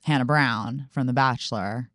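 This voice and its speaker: A woman's voice: rumbling low, moderate pace, fairly bright tone, no echo, studio quality. A woman hosting a podcast, chatting casually and upbeat with her guests. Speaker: podcast host. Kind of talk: casual chat.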